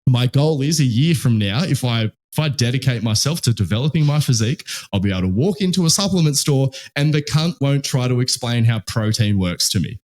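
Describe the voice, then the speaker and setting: A man's voice: mid-range voice, lively intonation, brisk, few pauses, darkish tone. A young man with an Australian accent hosting a podcast, telling rambling stories in casual chat and swearing constantly. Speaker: podcast host.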